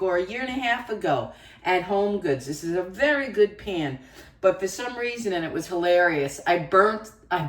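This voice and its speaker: A woman's voice: medium pitch, distant mic. A woman hosting a home cooking vlog, talking casually and rambling through asides as she works in her kitchen. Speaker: cooking channel host. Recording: echoey kitchen, voice away from the mic.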